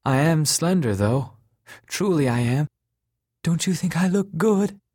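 A man's voice: a little high, animated, a little slow, a little mellow, no echo, clean studio sound, voice pushed up. A man voicing a frail, exhausted man with a thin, faint, tired voice that trails off weakly. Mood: faintly insisting. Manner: weak and whispery, trailing off.

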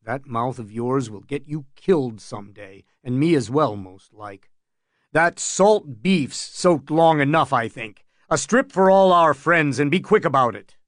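A man doing a gruff young knight. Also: medium pitch, expressive, measured pace, fairly bright tone, dry recording, studio quality. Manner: gruff, growling. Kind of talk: audiobook reading.

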